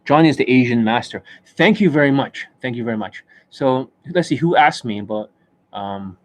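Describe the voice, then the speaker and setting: A man's voice: mid-range voice, animated, moderate pace. A middle-aged man, a dating coach, holding a loose, boastful live-stream rant, swearing freely and often breaking into laughter. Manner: boastful, profane, keeps bursting into laughter.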